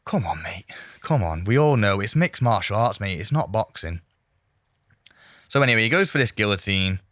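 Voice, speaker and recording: A man's voice: on the low side, expressive, moderate pace, fairly bright tone, no room sound, studio quality. A man hosting a podcast, rambling casually through a fight recap with lots of "you know" and "mate". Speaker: podcast host.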